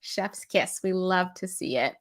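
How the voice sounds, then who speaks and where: A woman's voice: lowish voice, a little slow. Soothing woman guiding tapping meditation. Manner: soothing, encouraging, affirming. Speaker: EFT tapping coach and meditation guide. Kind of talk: live-stream guided tapping and meditation.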